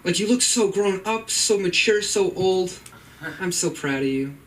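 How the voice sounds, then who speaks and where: A woman's voice: mid-range voice, expressive, unhurried, voice pushed up, lightly acted. A man putting on the voice of a doting mother gushing over her grown son. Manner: gushing, sing-song. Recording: distant mic in noisy room.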